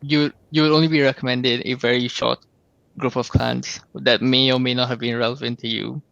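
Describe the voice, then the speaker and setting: A man's voice: mid-range voice, brisk, creaky, no echo, dull audio. A man moderating a live community Q&A on a voice chat, reading out the questions and keeping things moving. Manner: steady, reads out questions and keeps things moving. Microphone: computer mic over online voice chat.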